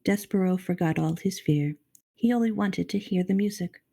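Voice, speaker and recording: Expressive woman reading a children's book. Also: on the low side, moderate pace, creaky. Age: middle-aged. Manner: expressive, addresses the reader directly, self-deprecating asides. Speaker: storybook reader on a charity stream. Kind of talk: reading a children's novel aloud.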